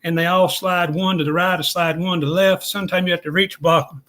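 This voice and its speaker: A guest analyst on a casual podcast walks through things step by step in a plain, folksy manner. His voice is high and fairly bright, with a steady tone and a slightly quick delivery.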